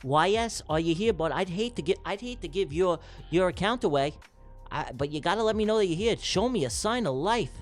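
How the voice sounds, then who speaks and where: A man hosting a livestream, calling comic races like an excitable sports commentator, jumping from mock-serious to shouting names. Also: high-pitched, a little fast, soft background music. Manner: excitable, jokey race-caller, shouting names. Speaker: livestream host running giveaway races.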